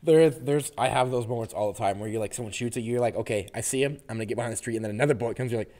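A man co-hosting a casual gaming podcast, joking around, swearing and chiming in quickly. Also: mid-range voice, mellow. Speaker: podcast co-host.

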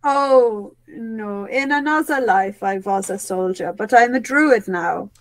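Slow-spoken woman player. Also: medium pitch. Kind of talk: playing a tabletop game.

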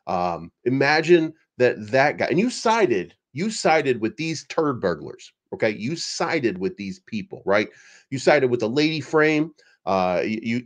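Brief: male online host, lively swooping pitch, rambling sarcastic rant, swears freely. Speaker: crypto YouTube commentator. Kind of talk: casual ranting commentary.

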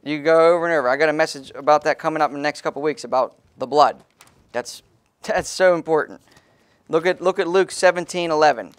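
Pastor, male, emphatic small-church preacher with a slightly high voice. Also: a bit bright. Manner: emphatic preaching, calls on congregants to read verses. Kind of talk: sermon.

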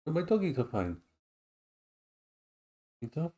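Filmed at home on a tablet action cam, a middle-aged male vlogger rambles in a playful chat and talks to his dogs in a cooing voice. His medium-pitched voice is a little mellow, with lively intonation, a slightly slow pace, and frequent pauses.

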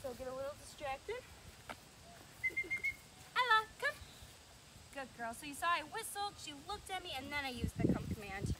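A woman dog trainer calmly explaining steps while demonstrating training outdoors. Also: high voice, fast talker, few pauses. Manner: calm, explanatory, coaching. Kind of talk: instructional training demo. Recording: loud outdoor background noise.

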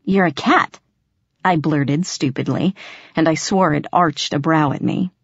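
A woman with a fairly low voice reads a first-person story aloud in a dramatic, expressive way. The sound is dry and a little muffled, like a simple home setup. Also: a little slow, husky, no echo. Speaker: audiobook narrator. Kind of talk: first-person audiobook narration.

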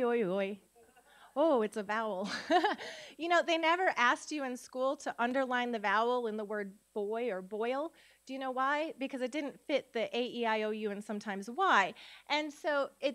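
Woman educator from Minnesota, slightly high voice, energetic classroom delivery that sounds out vowels and quizzes the room. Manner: lively, demonstrates sounds aloud, asks audience questions. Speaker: literacy educator, conference speaker. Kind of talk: live teaching talk to tutors. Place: conference room.

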